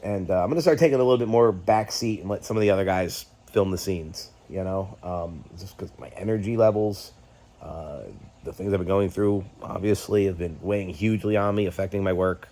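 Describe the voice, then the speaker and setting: A man's voice: low-pitched, a little fast, dark tone. A middle-aged man hosting his own vlog, venting candidly and agitated, swearing and stumbling over fillers. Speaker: YouTube host. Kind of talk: candid personal vlog rant.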